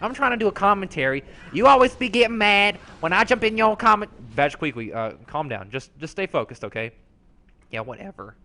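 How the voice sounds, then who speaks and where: A man's voice: high-pitched, sing-song, quick pace, hardly any pauses, pushed and bright, voice pushed up, full character voice. A man doing a sassy, foul-mouthed rogue. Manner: brash, slangy, profane storytelling. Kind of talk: comedic character commentary.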